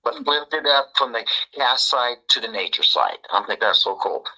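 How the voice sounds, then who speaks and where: A man, a podcast guest, telling a story in a casual, animated way and acting out the dialogue. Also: medium pitch, normal speed, husky, rough recording. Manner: animated, acts out quoted dialogue.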